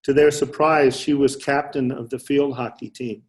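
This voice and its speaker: A man's voice: medium pitch, flat delivery, moderate pace. An older man, a psychiatrist guest, telling clinical stories in a loose, anecdotal way, often restarting mid-sentence. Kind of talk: casual storytelling interview.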